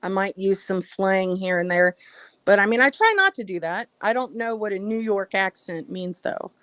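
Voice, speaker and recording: A woman's voice: medium pitch, normal speed, a bit bright, dry recording. A woman hosting a live stream, talking casually and bluntly, swearing freely and speaking her mind. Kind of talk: casual chat.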